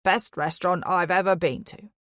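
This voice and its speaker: A woman's voice: lowish voice, fairly even intonation, normal speed, fairly bright tone, dry recording, clean studio sound, lightly acted. A woman voicing a rude, stubborn middle-aged man in an audiobook thriller. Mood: dismissive.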